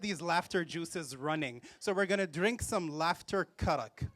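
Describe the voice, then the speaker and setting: At a festival event space with a live audience, a man leads a playful laughter yoga workshop, giving step-by-step instructions between bursts of laughter and cheers. His voice is on the high side and unhurried, with few pauses and a crowd in the background.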